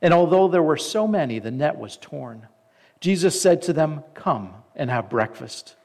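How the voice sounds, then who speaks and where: A man's voice: on the high side, expressive, unhurried, a little mellow. Man preaching a sermon from scripture. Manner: reads scripture aloud and stops to comment. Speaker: pastor.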